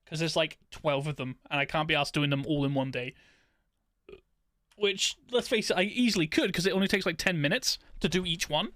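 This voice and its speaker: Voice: mid-range voice, fairly quick, no room sound. Casual muttering streamer, dry sound. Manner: relaxed, mutters to self, swears casually. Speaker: live streamer. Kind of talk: casual chat while editing videos.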